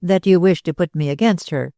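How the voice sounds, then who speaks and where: A man voicing a puzzled, touchy young gentleman who asks clipped, wary questions. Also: high-pitched, fairly quick, creaky, no echo, studio quality.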